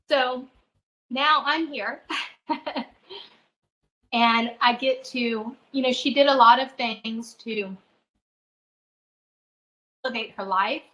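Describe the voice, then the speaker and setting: A middle-aged woman, a spiritual advisor, tells a personal story as a podcast guest, earnest and halting, often restarting her phrases. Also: fairly high pitch, a bit bright, poor audio.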